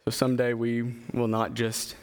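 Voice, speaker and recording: A man preaches to his congregation in an earnest, halting way, slipping in fillers and restarting phrases. He reads scripture aloud at a steady middle pitch. His voice rings out in a hall with a long reverb tail. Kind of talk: sermon with scripture reading.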